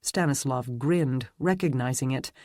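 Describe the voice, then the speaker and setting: A man narrating a dark fantasy romance audiobook in a steady, even reading. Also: medium pitch, unhurried, dry recording, studio quality. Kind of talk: scripted narration.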